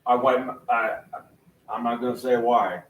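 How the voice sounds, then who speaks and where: A man's voice: medium pitch, level tone, moderate pace, muffled recording. A man talking in a rambling, casual way, full of restarts and laughing to himself. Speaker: vlogger. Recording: echoey room, far from the mic, faint noise.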